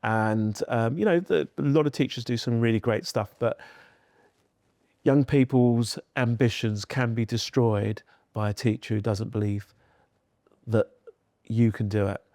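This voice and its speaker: A man's voice: mid-range voice, unhurried, dry recording, clean studio sound. Earnest middle-aged man telling stories. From London. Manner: earnest, animated storyteller. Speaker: guest. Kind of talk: podcast interview.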